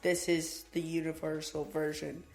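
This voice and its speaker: Hoarse young man with a gravelly voice. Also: fairly high pitch, monotone, moderate pace, faint music behind. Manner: laid-back, laughs easily. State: hoarse, voice nearly gone. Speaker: podcast co-host. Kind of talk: casual chat. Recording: echoey room.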